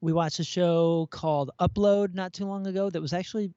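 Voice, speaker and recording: A man from the United States, a podcast guest, telling stories in an animated, casual way. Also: high voice, brisk, smooth, no room sound. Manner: animated storyteller, acts out quoted voices. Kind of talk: casual chat. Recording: dull, dry lo-fi sound.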